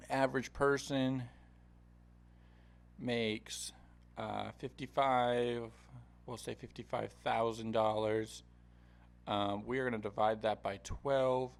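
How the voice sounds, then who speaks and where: Gravelly casual male Bible teacher. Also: mid-range voice. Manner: loose, chatty retelling with many fillers. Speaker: podcast host.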